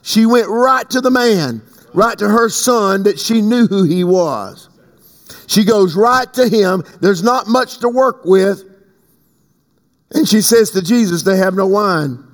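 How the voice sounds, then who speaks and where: A man preaching a sermon as pastor, swinging between slow emphatic stretches and sudden high leaps. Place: church sanctuary. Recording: long hall reverb.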